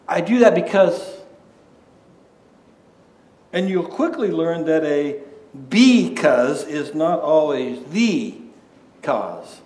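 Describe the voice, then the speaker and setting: A man's voice: fairly high pitch, big pitch swings, slow pace, long pauses, a little mellow. A man preaching a sermon as pastor, conversational, asking rhetorical questions and often restarting his words. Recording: echoey room.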